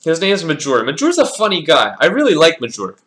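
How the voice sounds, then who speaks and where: A man's voice: a little high, huge pitch swings, brisk, fairly bright tone. A man casually reviewing his own chess games, thinking aloud as he calls out the moves and often repeating words. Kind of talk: casual game analysis.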